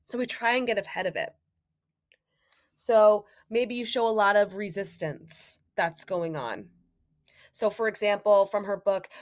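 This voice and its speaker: A young adult woman hosting a solo podcast, talking casually and animatedly, acting out inner voices and quoted remarks. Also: mid-range voice. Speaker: podcast host.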